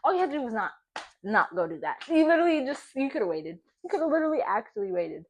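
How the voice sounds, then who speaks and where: A woman's voice: fairly high pitch, quick pace, lo-fi sound. Young woman telling a wild story. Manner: animated, profane, laughing often. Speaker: vlogger. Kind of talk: casual storytelling while baking.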